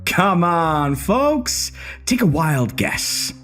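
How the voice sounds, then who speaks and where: A man's voice: on the high side, very animated, extremely slow, fairly bright tone, soft background music, voice pushed up, heavily acted. A man voicing a bitter, sneering male gunman who taunts his hostages in a horror story narration. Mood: mocking. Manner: mocking, swaggering taunts.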